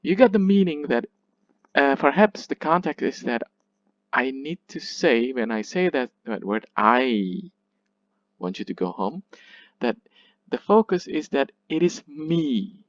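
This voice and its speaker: A man's voice: fairly high pitch, animated, unhurried, no room sound. Male teacher lecturing on a dull recording. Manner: patient, explanatory, checks in often with "yeah?"; hesitant, with restarts and self-corrections. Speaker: literature teacher.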